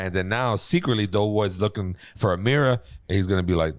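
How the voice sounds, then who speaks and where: Low-voiced man telling animated stories. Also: quick pace, hardly any pauses, dry recording. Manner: animated storyteller, acts out quotes. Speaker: podcast co-host. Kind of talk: casual chat.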